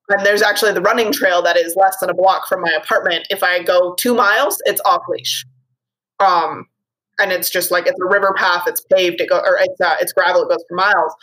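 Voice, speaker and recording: A woman dog trainer from Montana in casual conversation, chatty and relaxed with many fillers. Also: on the low side, fairly quick, rough recording. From Montana, United States.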